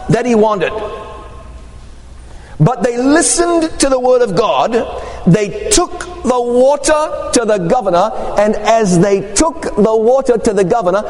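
A man preaching a sermon, telling stories with lively acted-out quotes. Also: sits high. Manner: animated storytelling with acted quotes. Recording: echoey hall with long reverb.

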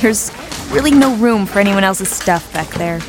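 A woman playing a calm, firm schoolteacher in a radio drama. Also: mid-range voice, moderate pace, music in the background, natural voice. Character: patient firm female schoolteacher.

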